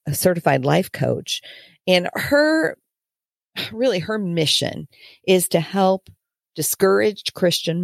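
A podcast host speaking slowly and deliberately with many fillers, giving reflective faith-based parenting talk. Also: medium pitch, vocal fry, dry recording, clean studio sound.

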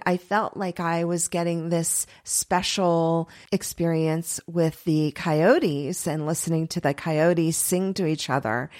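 A middle-aged woman giving a chatty, earnest spiritual talk, laughing often and voicing her inner thoughts in quick asides. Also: on the low side. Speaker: spiritual teacher. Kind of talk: spiritual teaching monologue.

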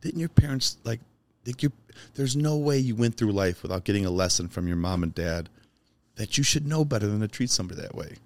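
Deep-voiced man telling heartfelt stories. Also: animated, brisk, darkish tone. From Chicago. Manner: emphatic, heartfelt, swears casually. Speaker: podcast guest. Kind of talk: personal storytelling in conversation.

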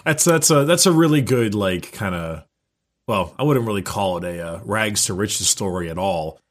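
A man co-hosting a podcast, reacting casually in halting, relaxed talk. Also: on the low side. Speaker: podcast co-host. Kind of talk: casual chat.

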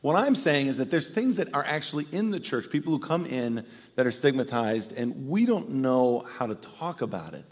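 A middle-aged pastor preaching a sermon in a conversational, animated way. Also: male voice, mid-range voice, normal speed. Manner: conversational, animated when acting out quotes. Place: church sanctuary. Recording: long hall reverb.

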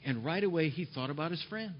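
A male pastor preaching a sermon emphatically, repeating key phrases and dropping to soft tones, on a dull lo-fi recording. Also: a little high, lively intonation, fast, a little hiss or hum.

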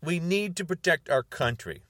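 A man's voice: fairly high pitch, lively intonation, moderate pace, fairly bright tone, no echo. A man of about sixty delivering a heated monologue to camera, repeating words for emphasis and stretching out key words. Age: 60s. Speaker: video blogger.

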